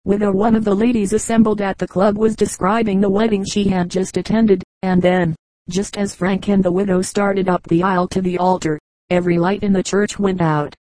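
Mellow-voiced woman reading old anecdotes. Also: medium pitch, little pitch movement, moderate pace, no echo, low-quality recording. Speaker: audiobook reader. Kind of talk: scripted narration of humorous anecdotes.

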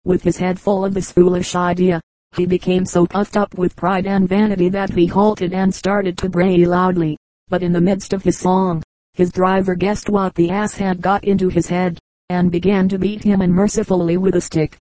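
A woman reading fables aloud as an audiobook narrator, in a calm, measured way. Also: fairly low pitch, dry recording, rough recording. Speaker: audiobook reader. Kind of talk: storybook narration.

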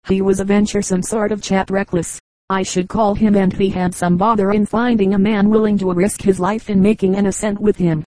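A woman's voice: medium pitch, flat delivery, fairly quick, mellow, dry recording, close to an everyday voice, low-quality recording. A woman voicing a rambling, matter-of-fact male commercial traveler in an audiobook.

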